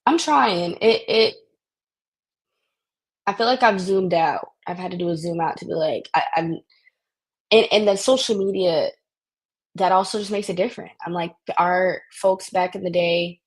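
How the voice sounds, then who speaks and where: A woman talking as a podcast guest in animated, casual conversation, often restarting her sentences. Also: on the low side, moderate pace, long pauses.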